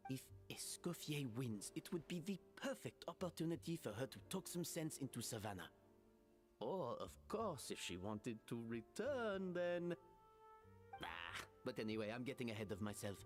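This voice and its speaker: An actor playing a polite, formal hotel manager with a put-on French accent who reads each word separately. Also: male voice, medium pitch, close to an everyday voice.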